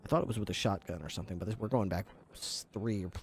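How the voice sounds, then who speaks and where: A man chatting casually while streaming a police role-play game, joking and thinking out loud. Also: lowish voice, rapid-fire, a little hiss or hum. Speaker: streamer playing a police officer. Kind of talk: casual chat while gaming.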